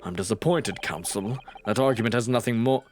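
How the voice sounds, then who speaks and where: A man voicing a cold, haughty male prosecutor in a courtroom game, speaking low and disdainfully. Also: fairly quick, background noise, close to an everyday voice.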